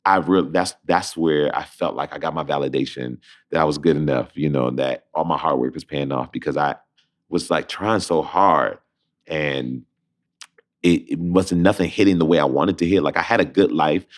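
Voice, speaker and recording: A young adult man from Detroit, a Broadway actor with a deep bass voice, telling a lively story as a guest and acting out both sides of the phone calls he describes. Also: normal speed. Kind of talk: animated storytelling in conversation.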